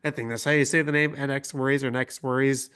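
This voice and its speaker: A man's voice: mid-range voice, steady tone, fast talker, fairly bright tone, clear, resonant tone. A young man co-hosting a casual podcast, laid-back and laughing often. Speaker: podcast co-host. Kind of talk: casual profane podcast chat.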